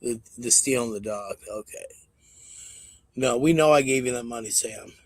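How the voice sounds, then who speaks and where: A man's voice: medium pitch, moderate pace, dry recording. A man hosting a live stream in a casual, profane and mocking way, rambling to his audience. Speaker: stream host.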